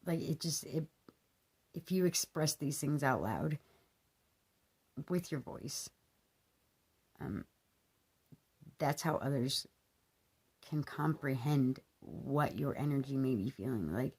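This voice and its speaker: A woman's voice: a bass voice, lively intonation, slow pace, long pauses, a little mellow, husky. A woman in her thirties talking to camera in an earnest, rambling way, with lots of fillers. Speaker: vlogger. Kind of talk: casual monologue to camera.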